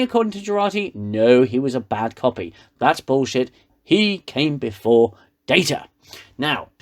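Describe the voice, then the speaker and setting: A man giving a sarcastic, ranting comedic recap of a TV episode. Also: fairly high pitch. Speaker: reviewer.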